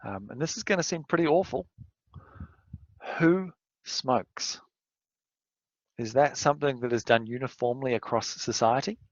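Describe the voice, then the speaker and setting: A man's voice: mid-range voice, a little slow, long pauses, no echo, lo-fi sound. A male university lecturer giving a recorded lesson, rambling and candid, sometimes working himself into a rant. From outside Australia. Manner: rambling, candid, gets worked up and ranting.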